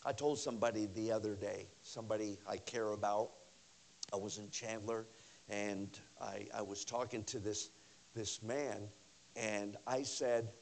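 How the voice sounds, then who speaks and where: A man preaching a revival sermon as pastor, animated and conversational, swinging between loud bursts and hushed lines with many repeats. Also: on the low side, a little slow, gravelly. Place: church service.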